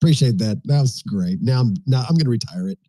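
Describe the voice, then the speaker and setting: A man in his fifties hosting a casual live audio chat, rambling and animated. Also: mid-range voice, quick pace. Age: 50s. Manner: rambling, animated, frequent profanity. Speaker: host.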